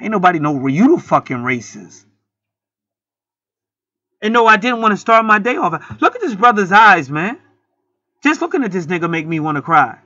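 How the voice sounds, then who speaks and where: A man's voice: sits high, sing-song, normal speed, long pauses, bright, forceful tone, no echo, muffled recording. A man ranting in an indignant, profanity-heavy commentary vlog as channel host.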